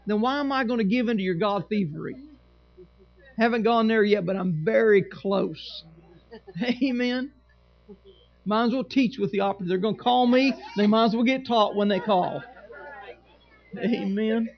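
A man's voice: high voice, normal speed, vocal fry, long pauses, highs cut off. A male pastor preaching a sermon in church, reading scripture and making sarcastic asides to the congregation.

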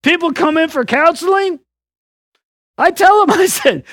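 A middle-aged man preaching a sermon, telling jokes and stories with loud, animated bursts. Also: very high-pitched, unhurried, long pauses, no room sound, clean studio sound. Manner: animated, joking storyteller with loud outbursts.

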